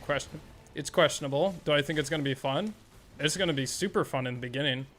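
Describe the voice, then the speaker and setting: A young man chatting casually on a live gaming stream, excitable and rambling, swearing freely. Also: on the high side, fast talker, soft background music.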